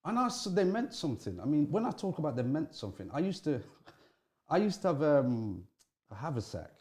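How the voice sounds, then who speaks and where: A middle-aged man appears as an interview guest, frankly recounting episodes from his youth. His pitch rises and falls animatedly, he often starts sentences over, and he talks fairly quickly.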